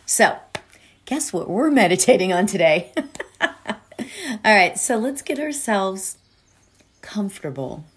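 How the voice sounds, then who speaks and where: A woman's voice: mid-range voice, expressive, a little slow, long pauses. A middle-aged woman hosting a podcast, talking casually with lots of fillers and asides before leading a meditation. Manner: chatty, warm-hearted, many fillers and asides. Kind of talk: casual spoken podcast talk.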